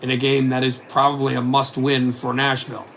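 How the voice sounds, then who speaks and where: A man calls a hockey game play-by-play for a fan simulcast, his voice carrying a gravelly edge. He talks in a quick, running stream of commentary and drops in updates on other scores. A faint hiss of noise sits under the recording. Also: mid-range voice, completely flat delivery, a bit bright.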